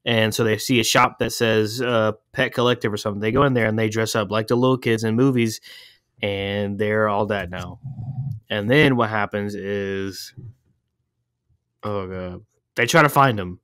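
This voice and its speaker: Low, smooth-voiced man rambling through a plot. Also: fairly even intonation, moderate pace, fairly bright tone, no room sound, studio quality. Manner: meandering, hesitant, full of "uh" and restarts. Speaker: podcast co-host. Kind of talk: casual rambling plot summary.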